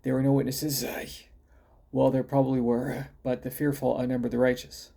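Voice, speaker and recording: A man voicing a charming young woman with a Southern US accent, calm and polite, in a read-aloud story. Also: mid-range voice, normal speed, gravelly.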